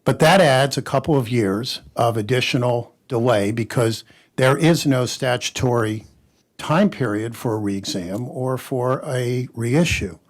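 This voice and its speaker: A man, a patent lawyer on a conference panel, telling an animated story and quoting others in character. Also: mid-range voice, unhurried. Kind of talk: anecdotal panel talk.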